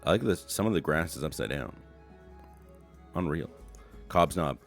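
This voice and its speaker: A man's voice: extremely low pitch, expressive, normal speed, creaky, soft background music. A man streaming an old online game, reading its text aloud with wry, playful remarks. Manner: wry, playful, reads quotes in funny voices.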